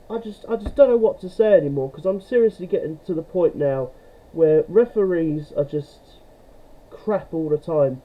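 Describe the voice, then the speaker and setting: A man's voice: on the high side, animated, normal speed. Brief: young man, football fan vlogger, furious sweary rant, dull lo-fi sound. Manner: swears a lot, ranting. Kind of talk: angry fan rant to camera.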